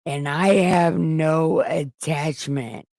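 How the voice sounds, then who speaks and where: A defiant young man, brash and foul-mouthed, as a woman reads him aloud. The voice is gravelly and slow, in a dry room. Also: sits low, steady tone, a little mellow, no room sound, full character voice. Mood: pleading. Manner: crude modern slang.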